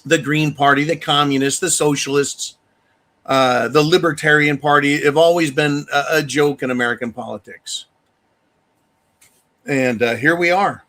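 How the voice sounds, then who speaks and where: A man with a fairly high, sharp and forceful voice hosts a casual live talk show. He rants bluntly and profanely, speaking straight to his viewers as he reads out their donations. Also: fairly even intonation, moderate pace. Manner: addresses viewers directly. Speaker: livestream host reading viewer donations.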